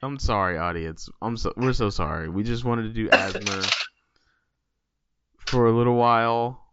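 A man's voice: lowish voice, moderate pace, dull audio, very noisy. A man co-hosting a podcast in casual chat, talking in a loose, joking, rambling way. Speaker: podcast co-host.

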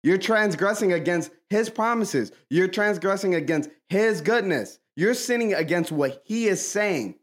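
A man with a slightly raised voice preaches forcefully on a faith podcast. He hammers each point through repetition. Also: sits high, expressive, measured pace, hardly any pauses. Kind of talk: preaching-style faith talk.

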